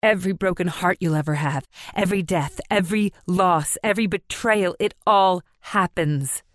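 A woman voicing a calm, detached woman healer in a storybook, quick and to the point yet soothing. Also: on the low side, no echo, studio quality, natural voice. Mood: urgent.

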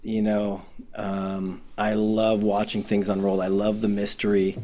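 Midwestern guy, documentary maker, kinda low voice, rambles and restarts a lot, excited about his work. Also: unhurried. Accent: Midwestern American. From Detroit, Michigan. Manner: enthusiastic, rambling, frequent restarts and laughs. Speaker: documentary filmmaker. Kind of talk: casual interview conversation.

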